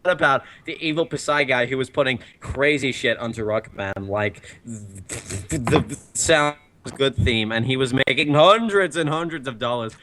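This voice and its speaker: A man's voice: medium pitch, a little slow, background noise. A man rambling through an absurd improvised comedy story, swearing casually.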